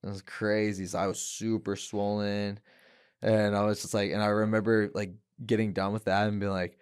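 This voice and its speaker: A young man on a podcast who tells his story in a casual, animated way and acts out the voices of the people in it. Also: lowish voice, normal speed, smooth. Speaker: guest, fighter. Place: podcast studio.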